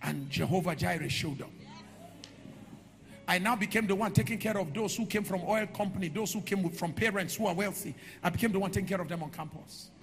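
A man preaching a sermon in a church hall, moving from quiet storytelling to shouted, sing-song declarations. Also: high voice, a little fast, creaky. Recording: echoey hall with music behind.

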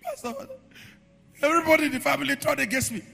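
A man preaching a sermon in a church hall, moving from quiet storytelling to shouted, sing-song declarations. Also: high-pitched, fairly quick, husky. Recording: echoey hall with music behind.

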